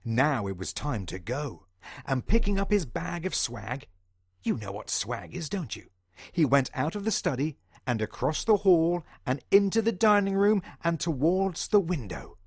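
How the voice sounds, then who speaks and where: A man's voice: a little high, very animated, unhurried, husky, dry recording, studio quality. A man reading a children's picture book aloud in a theatrical way, punching out the sound-effect words and asking the young listener questions directly. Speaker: storyteller.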